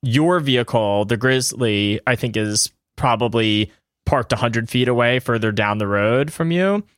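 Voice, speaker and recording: A man's voice: mid-range voice, unhurried, dry recording, studio quality. Easygoing man running a tabletop game. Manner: descriptive, hedges often with "I think" and "kind of". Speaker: game master.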